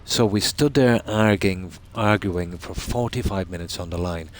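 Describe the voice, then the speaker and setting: Male streamer, deep voice, chatty rambling storyteller, faint ambience behind. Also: unhurried, a little hiss or hum. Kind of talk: casual chat while gaming.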